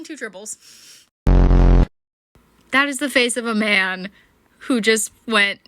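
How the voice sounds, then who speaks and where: A reaction video creator offers casual commentary in an animated voice on the high side, unhurried and with long pauses. She's chatty and sarcastic, swearing and laughing often, and there's noticeable background noise.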